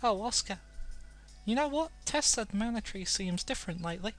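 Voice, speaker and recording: A man doing an eager, high young villager. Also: lively intonation, fairly quick, fairly bright tone, soft background music. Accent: British.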